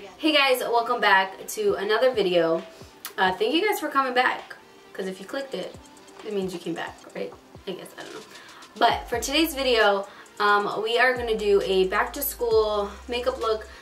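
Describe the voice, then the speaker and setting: Fast-talking woman vlogger, distant mic. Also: on the high side, fairly bright tone. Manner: fast-talking, chatty, lots of "like". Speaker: beauty vlogger. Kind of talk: casual makeup tutorial chat. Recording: distant mic, faint background music.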